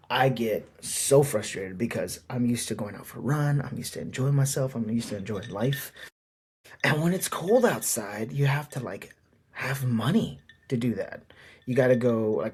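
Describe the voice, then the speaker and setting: Speaking with a husky, medium-pitched voice, a podcast host rambles on his own show. He's candid and casual, and fillers crowd his solo monologue.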